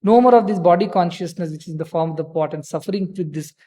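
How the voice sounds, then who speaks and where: A man with a fairly high voice gives a spiritual discourse. He talks in a relaxed, conversational way and slips into the voices of the people in his stories. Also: fast. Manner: conversational storytelling, acting out quoted dialogue. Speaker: spiritual teacher.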